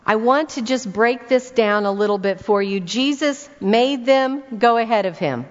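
A woman's voice: medium pitch, animated, moderate pace. A woman preaching a conversational sermon to women, reading scripture and asking her listeners direct questions. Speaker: women's ministry speaker. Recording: dull sound with long hall reverb.

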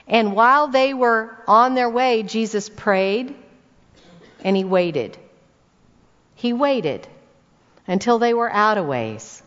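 A woman with a fairly high voice gives a conversational sermon and reads scripture aloud. She speaks straight to her audience and often asks them questions. The recording is dull and carries a long hall echo. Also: expressive, slow pace, long pauses, a bit bright. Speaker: women's ministry speaker.

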